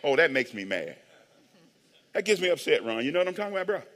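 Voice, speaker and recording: A high-voiced man preaches with a lively, swooping delivery, teasing his congregation and asking for amens. His bright, forceful voice rings out with a long church reverb trailing behind every line. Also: quick pace. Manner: animated, joking, calls for amens. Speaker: pastor. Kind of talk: sermon. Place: church sanctuary.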